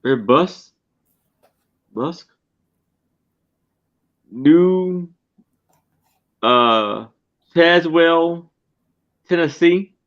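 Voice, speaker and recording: A man describes an item up for sale on a live stream, speaking extremely slowly with many pauses. He is deliberate and halting as he reads off details. The sound is dull and lo-fi. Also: fairly high pitch, expressive, fairly bright tone. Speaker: photo seller on a live sale. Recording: dull lo-fi online stream audio.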